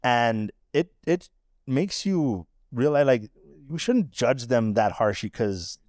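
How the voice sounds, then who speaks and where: Male podcast co-host, mid pitch, dry close sound, swears a lot, emphatic and emotional. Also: lively intonation, slow pace, a little mellow, no room sound. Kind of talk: casual chat.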